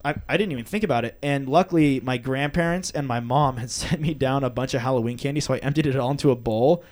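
A young man hosting a casual chat, telling stories with lively impressions of other people. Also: quick pace. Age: young adult. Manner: animated storyteller, mimics voices with big jumps in pitch.

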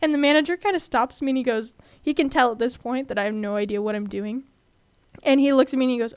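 A woman's voice: high-pitched, quick pace, clear, resonant tone, no echo. A young woman in her twenties from California hosting a student podcast, telling personal stories in a candid, chatty way. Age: 20s. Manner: chatty, candid, animated when retelling.

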